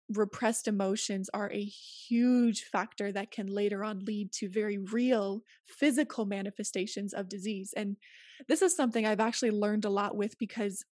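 A woman's voice: medium pitch, darkish tone, dry recording, studio quality. A woman speaking as an interview guest, earnest and emphatic as she gives advice in casual conversation. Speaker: podcast guest.

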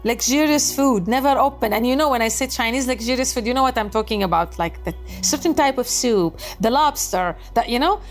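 A woman's voice: fairly high pitch, brisk, hardly any pauses, soft background music. Earnest woman telling a personal testimony. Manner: earnest, acts out quoted dialogue, stumbles and repeats words; non-native English grammar. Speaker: storyteller recounting her conversion.

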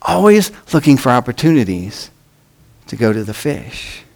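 A man preaching a sermon, with measured phrasing that drops off at the ends of lines. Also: medium pitch, big pitch swings, gravelly, darkish tone, poor audio. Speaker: pastor.

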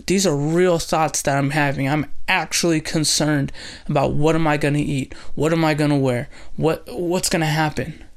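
A man hosting a bible study, teaching earnestly through scripture as a preacher. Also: fairly high pitch. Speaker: pastor and host.

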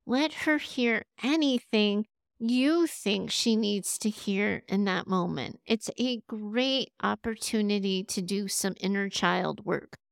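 A woman hosts an advice podcast, speaking straight to her listeners and laughing now and then. Her voice sits a little on the high side. The sound is close and dry, with no room around it. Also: smooth, no room sound. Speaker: podcast host.

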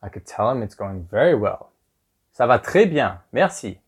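A man's voice: fairly low pitch, big pitch swings, slightly rough. Upbeat male language teacher. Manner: upbeat, repeats phrases slowly with exaggerated rising intonation. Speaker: language teacher and podcast host. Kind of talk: scripted podcast language lesson.

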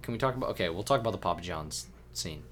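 A man guests on a podcast in casual chat, his voice on the low side. He talks in an animated, exasperated way, picking things apart. Faint room ambience hums in the background. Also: very fast, a little hiss or hum.

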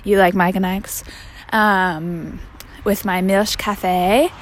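A woman's voice: medium pitch, steady tone, takes it slowly, slight background noise. Chatty young woman, rambling. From Canada. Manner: rambling and chatty, with many fillers and slangy asides. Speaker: vlogger. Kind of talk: casual chat.

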